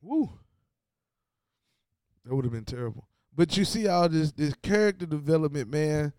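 Talking at a normal speed in a fairly high voice, this show host runs through a TV finale in a casual, slang-heavy and animated way, speaking right to his audience. The recording is dry, with clean studio sound.

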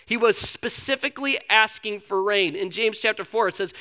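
A man's voice: high voice, moderate pace, creaky, hardly any pauses, sharp tone. A man preaching a sermon in a conversational, storytelling way. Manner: conversational storytelling, acts out characters.

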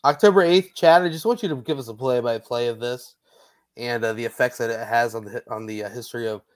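A man's voice: medium pitch, fairly quick. Rambling man hosting a sports podcast. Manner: rambling, many restarts and fillers. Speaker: podcast host. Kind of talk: casual sports podcast chat.

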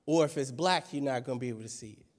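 A man's voice: medium pitch, very fast. Man preaching in a reverberant church hall. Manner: conversational, playful preaching with rhetorical questions. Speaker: pastor. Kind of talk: sermon. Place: church sanctuary.

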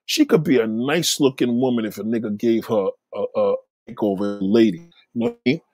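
A man's voice: mid-range voice, very animated, brisk, a little mellow, dry recording. A man talking in a blunt, profane casual rant, often repeating himself.

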